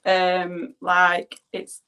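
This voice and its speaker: An English guest with a Yorkshire accent chats casually while doing her makeup, rambling between steps and often breaking into giggles. Her voice is lowish and monotone, extremely slow, with a bright, forceful, clear and resonant tone.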